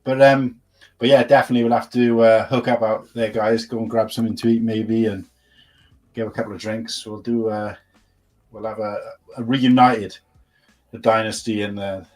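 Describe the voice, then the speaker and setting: A man's voice: on the low side, level tone, normal speed, darkish tone. A man co-hosting a live stream, chatting casually and rambling through restarts and fillers. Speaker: co-host.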